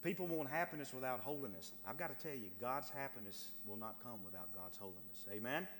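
In a large-sounding room, a pastor reads scripture and preaches emphatically to his congregation, repeating phrases to press his points and addressing the brethren. His medium-pitched voice is expressive, brisk and a bit bright.

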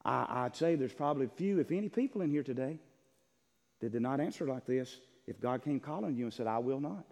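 A male pastor preaching a sermon in a church, swinging from loud impassioned calls to hushed pleading. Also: mid-range voice, a little fast. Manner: impassioned preaching, voices God's words, swings from shouting to hushed. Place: church sanctuary. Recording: long echo of a large hall.

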